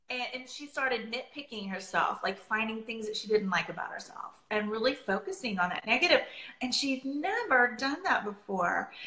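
A woman's voice: on the high side, pushed and bright, roomy sound, poor audio. A woman in her forties, chatting casually as an essential oils presenter, rambling and laughing often. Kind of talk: casual chat.

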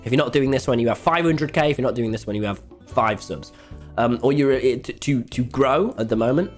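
A young man chatting to his live-stream audience while playing, excitable and swearing freely. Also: medium pitch, fairly quick, faint music behind. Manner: excitable, swears freely, jumps between game and chat. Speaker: game streamer.

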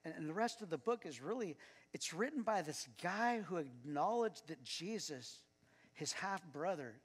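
Pastor preaching in a reverberant church. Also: male voice, on the high side, animated, moderate pace, husky. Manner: conversational, chuckles while telling anecdotes. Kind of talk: sermon with personal storytelling. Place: church sanctuary.

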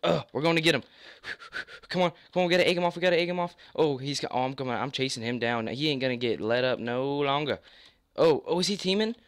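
A young man giving live gameplay commentary, hoarse with a worn-out voice, excitable, repeating phrases and yelping as he plays. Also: mid-range voice, quick pace, no room sound. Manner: excitable, repeats phrases, yelps and laughs mid-sentence. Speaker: gaming YouTuber.

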